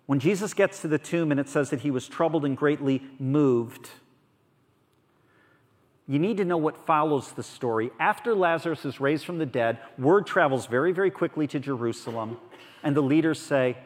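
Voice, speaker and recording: A man preaches a sermon in an earnest, conversational way, his voice sitting a little on the high side. He drops soft, then presses a point emphatically. The sound hangs in the long reverb of a big hall. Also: normal speed. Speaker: pastor.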